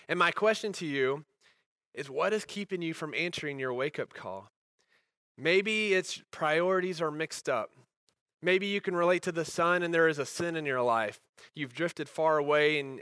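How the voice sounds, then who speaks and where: Bright-voiced conversational young pastor. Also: male voice, fairly high pitch, no room sound. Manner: conversational, candid, self-deprecating. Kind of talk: sermon.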